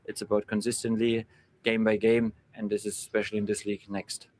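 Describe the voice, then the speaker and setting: A football manager speaking haltingly in non-native English at a post-match press conference, with many fillers. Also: male voice, on the low side, completely flat delivery, a little mellow, a little hiss or hum.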